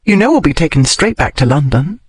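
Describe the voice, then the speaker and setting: A clever, bossy young girl, put on by a man reading the story, speaks briskly and with a scheming edge. The voice sits higher than his own and swings up and down a lot. It is recorded close and dry. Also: sing-song, slightly rough, no room sound.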